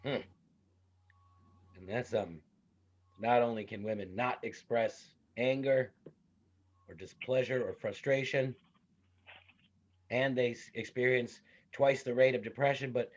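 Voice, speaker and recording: A man in his thirties or forties giving a classroom psychology lecture, animated and conversational, with stories from home. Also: mid-range voice, muffled recording. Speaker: psychology instructor.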